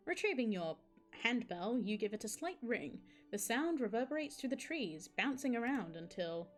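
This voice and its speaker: A woman streaming a game live, reading the story aloud and chatting with viewers in a casual, laughing way. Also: medium pitch. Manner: chatty, laughs, asides to chat.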